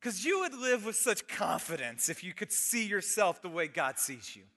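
A middle-aged man preaching an animated, conversational sermon, dropping at times to a soft near-whisper. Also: sits high, normal speed. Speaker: pastor. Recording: long reverb of a large hall.

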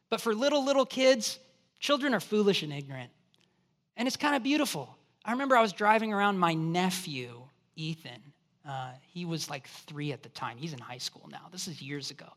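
Middle-aged guy pastor giving a sermon, bright voice, acts out bits of stories, gets loud and high for punchlines. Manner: animated storytelling with acted asides and rising emphasis.

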